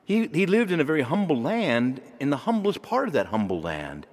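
Male preacher, lively pitch, chatty sermon delivery, echoing church hall. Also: moderate pace. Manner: conversational, animated, asks the listeners questions. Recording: long reverb of a large hall.

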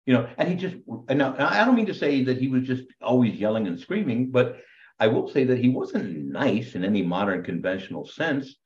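A man, a priest, teaching a Bible class over a video call in an animated, preachy way with quick asides. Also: mid-range voice, reverberant, dull audio. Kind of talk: online class lecture.

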